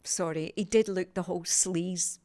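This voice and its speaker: An older woman with a Scottish accent from Glasgow, a TV sales presenter telling stories as a podcast guest in an animated, emphatic way. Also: lowish voice, normal speed. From Scotland, Glasgow. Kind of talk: conversational storytelling.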